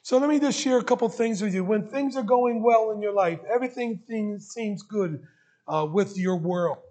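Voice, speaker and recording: A man's voice: sits high, normal speed, darkish tone. A man preaching a sermon to his church, earnest and openly emotional, building to emphatic rising questions. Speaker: pastor. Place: church sanctuary.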